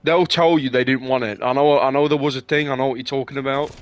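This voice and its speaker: Young guy just chatting, swears a lot, keeps restarting his sentences, average pitch. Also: steady tone, fast talker. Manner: rambling and profane, many fillers and restarts. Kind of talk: casual chat.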